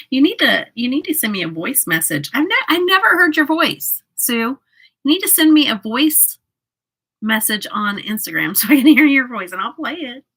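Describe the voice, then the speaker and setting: Woman, husky voice, chatty livestream host doing her makeup and reading viewer comments aloud, laughs a lot. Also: fairly high pitch, a bit bright, low-quality recording. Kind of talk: casual livestream chat while doing makeup.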